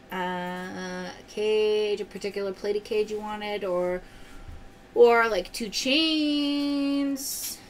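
A woman's voice: mid-range voice, slight background noise. A woman hosting a live-stream pearl sale, opening oysters and cheerfully calling out prizes and pearl sizes to viewers. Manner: upbeat, cheery, calls out prizes. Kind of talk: live-stream selling chat.

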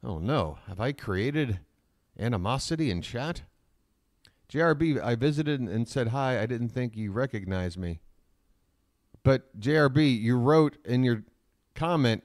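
A man's voice: medium pitch, expressive, moderate pace, dry recording. A man talks casually to his live chat from his laptop at home, wandering from thought to thought and poking fun at himself. His voice sits in the middle range. The sound is close and dry, with no room around it. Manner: rambling, self-mocking, jokey asides to chat. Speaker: live stream host. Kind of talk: casual live stream chat, reading chat aloud.

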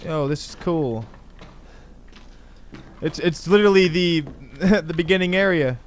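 Excitable man narrating his gameplay. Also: on the high side, unhurried, a little hiss or hum. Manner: excitable, exclamatory, casual slang. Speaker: gaming channel host. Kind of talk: let's play commentary.

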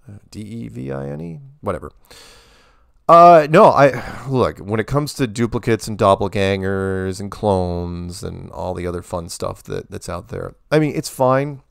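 A man's voice: on the low side, animated, unhurried, creaky, no room sound, clean studio sound. A man hosting a solo show, reading viewer emails aloud and answering them in a casual, rambling way with fillers and restarts. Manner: conversational, many fillers and restarts.

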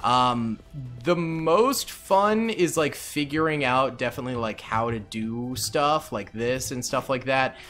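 A young man giving goofy, casual commentary over his own gameplay, muttering to himself and then yelling at a character. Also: medium pitch, a little slow, faint music behind. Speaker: gaming YouTuber.

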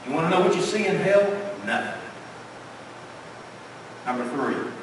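A man preaching a sermon as pastor, emphatic, asking rhetorical questions and dropping to a hush. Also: high-pitched, lively intonation, moderate pace. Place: church sanctuary. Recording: echoey church hall from far off, faint noise.

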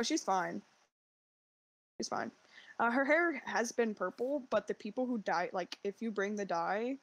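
A woman's voice: mid-range voice, no echo, low-quality recording. Rambling chatty woman on voice chat. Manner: rambling, full of likes and ums. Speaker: co-player and friend of the streamer. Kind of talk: casual voice chat while gaming.

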